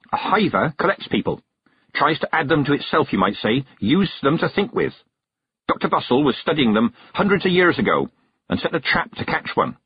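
A man voicing a stern, sharp-tongued old witch woman in an audiobook, curt and commanding. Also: mid-range voice, slightly rough, dry recording, pitched above the performer's own voice. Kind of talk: audiobook character voice. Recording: dull, dry narration recording.

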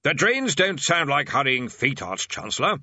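A man voicing a weary, exasperated male wizard bursar who speaks loudly. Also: on the high side, sing-song, normal speed, dry recording, muffled recording, pitched above the performer's own voice, full character voice. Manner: loud, weary.

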